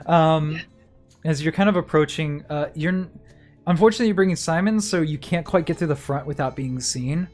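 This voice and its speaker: A man's voice: on the high side, a little fast, darkish tone, soft background music. A man narrating a tabletop game as game master, casual and hesitant with many fillers.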